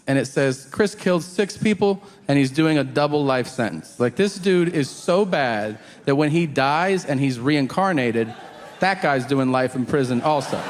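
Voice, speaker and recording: A man doing a stand-up set, acting out people in loud, high voices. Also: slight background noise. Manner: animated, acts out characters in loud high voices. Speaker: stand-up comedian. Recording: long hall reverb, faint ambience.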